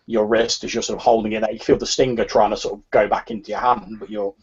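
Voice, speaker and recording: A man's voice: lowish voice, flat delivery, quick pace, slightly rough, highs cut off. A man narrating as game master for a tabletop game, hesitant and full of restarts.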